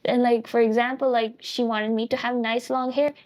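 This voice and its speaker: A woman's voice: on the high side, level tone, normal speed, darkish tone. A woman, a podcast guest, telling a personal family story earnestly, often restarting and correcting herself mid-sentence.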